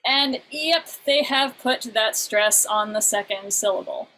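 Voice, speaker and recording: High-voiced woman teaching an online class. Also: measured pace, pushed and bright, slight background noise, low-quality recording. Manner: chatty, many fillers and restarts, sings short examples.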